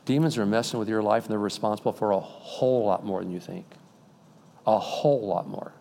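An older man preaching a sermon as pastor, swinging between loud emphatic peaks and quiet, intimate asides, then leading a prayer in a church sanctuary. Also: fairly low pitch, fairly quick, vocal fry. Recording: long reverb in a large hall.

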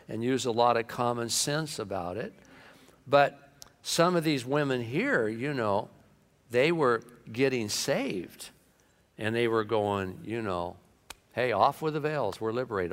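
A man preaching a sermon in a lively manner, acting out comic quotes and voices. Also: mid-range voice. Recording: long hall reverb.

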